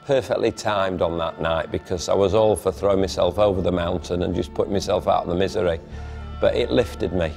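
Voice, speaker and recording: A middle-aged man on an expedition, exhausted and weak, speaking slowly and haltingly in a documentary confessional. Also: low-pitched, fairly even intonation, gravelly, a little mellow, faint music behind. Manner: slow, heavy and halting. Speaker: expedition trekker.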